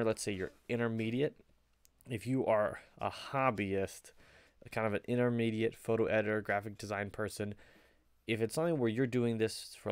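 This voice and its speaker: Speaking on the low side with a smooth voice, a young man who creates photo editing videos rambles a little through casual vlog commentary, conversational and heavy on fillers. There's no room sound, and the audio is studio quality.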